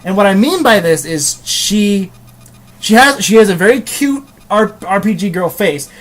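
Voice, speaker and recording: A man's voice: high-pitched, animated, normal speed. A young man hosting a casual video game review, rambling with frequent ums, restarts and crude jokes.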